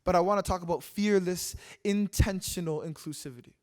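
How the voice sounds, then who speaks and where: A young Canadian man with a high voice speaks fairly quickly in an earnest, impassioned spoken-word piece on stage. It's a live public talk in a city hall, built on rhythmic, repeated lines.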